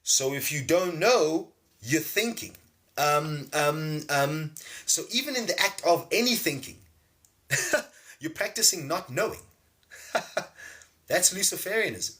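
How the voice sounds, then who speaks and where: A man's voice: a little high, pushed and bright. A man giving a casual spiritual talk on a livestream, reading out viewers' names and often asking "see?" to press his points. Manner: loose, emphatic, keeps asking "see?". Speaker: spiritual teacher and livestream host. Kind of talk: casual livestream teaching with chat shout-outs.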